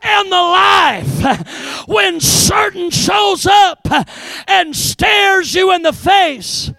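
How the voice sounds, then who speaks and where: A hoarse man preaching a sermon, shouting with call-and-response exhortations to the congregation, his voice still rough from a recent respiratory infection. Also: extremely high pitch, sing-song, extremely slow, dry recording.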